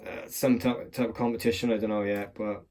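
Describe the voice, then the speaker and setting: Rambling man, fairly low voice. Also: flat delivery, brisk, darkish tone. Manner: rambling, swears, self-mocking. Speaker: lock picking hobbyist. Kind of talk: casual chat while demonstrating. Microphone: phone on a clamp.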